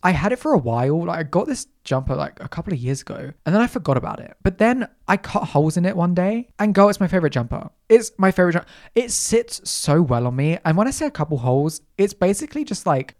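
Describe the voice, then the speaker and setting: British accent, podcast host, casual chat, gushing, quick asides, mid-pitched voice.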